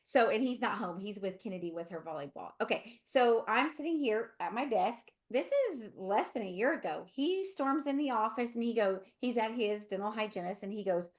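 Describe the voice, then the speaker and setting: A woman's voice: medium pitch, lively intonation, moderate pace, hardly any pauses. A middle-aged woman with a Southern US accent, a dental hygienist co-hosting a webinar, telling a story in a chatty, rambling way with asides.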